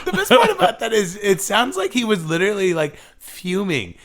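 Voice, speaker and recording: A man's voice: sits high, wildly swooping pitch, normal speed, a bit bright. A man hosting a podcast, chatting casually and rambling as he swears his way through stories. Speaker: podcast host. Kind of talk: casual interview chat.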